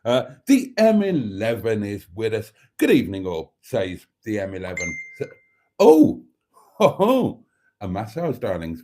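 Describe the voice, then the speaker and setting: A man's voice: lowish voice, dark tone. A man hosting a live stream, reading out viewer comments in a camp, theatrical way and calling everyone darling.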